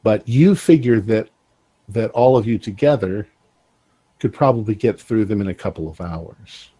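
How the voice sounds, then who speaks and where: A man running a tabletop game as game master, measured and relaxed, with some fillers. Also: fairly low pitch, breathy edge, poor audio.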